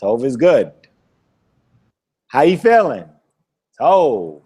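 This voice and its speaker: Animated, unhurried male language teacher. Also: mid-range voice, breathy edge. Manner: playful, quizzes the student and laughs often; repeats words slowly for drilling. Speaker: Hebrew teacher. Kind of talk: classroom lesson.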